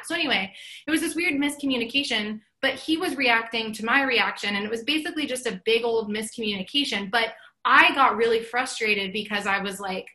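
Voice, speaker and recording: A woman's voice: a little high, bright, forceful tone. A woman in casual chat, telling a story in an earnest, reflective way and acting out the dialogue she quotes.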